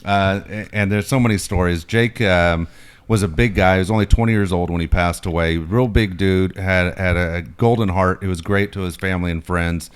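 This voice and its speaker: Deep-voiced middle-aged man telling a story. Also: normal speed, clean tone. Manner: animated storyteller, swearing freely, many restarts. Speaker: podcast co-host. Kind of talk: casual sports chat and storytelling.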